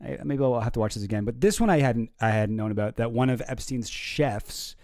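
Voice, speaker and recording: A man's voice: medium pitch, brisk, darkish tone, no room sound, studio quality. A man hosting a stream, giving casual, sardonic, rambling reaction commentary. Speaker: streamer host.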